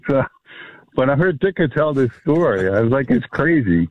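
A man's voice: medium pitch, very animated, moderate pace, dry recording. A man phones in to a sports talk show and tells a rambling, filler-heavy story. His voice arrives over a thin, tinny phone line, and it sounds dry and close. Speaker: caller. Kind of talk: phone-in anecdote.

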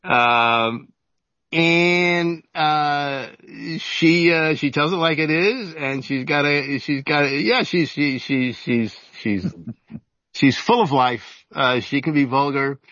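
A man in his seventies, an author and journalist giving an interview, telling stories in a halting way full of fillers and restarts. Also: on the high side, sharp tone, no echo, dull audio. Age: 70s. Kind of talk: casual storytelling interview.

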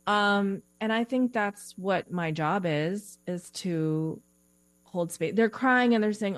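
A woman's voice: medium pitch, slow pace, dry recording. A woman career coach talking casually as an interview guest, explaining with examples and laughing easily.

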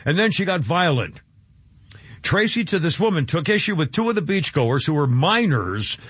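A man's voice: on the high side, sing-song, normal speed, fairly bright tone, husky, dry recording. A man hosting a talk radio show, ranting indignantly and rambling with many fillers, heard over a dull lo-fi broadcast.

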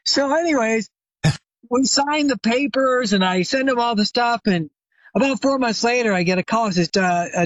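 A man's voice: very high voice, moderate pace, no echo, highs cut off. An older man, a retired chiropractor, telling a long anecdote as a guest expert in an interview, with many fillers and restarts. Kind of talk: conversational storytelling interview.

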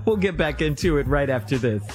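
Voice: mid-range voice, sing-song, moderate pace, faint music behind. A radio co-host announcing the next segment and reading a sponsor message. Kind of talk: radio show announcing and ad read.

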